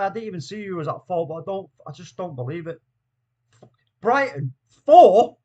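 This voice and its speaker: High-voiced man hosting a rowdy watchalong. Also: very animated, moderate pace. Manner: swings from shouting disbelief to low, weary muttering; chatty, greets viewers by name with slang. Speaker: host of a fan watchalong stream. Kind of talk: live football watchalong commentary.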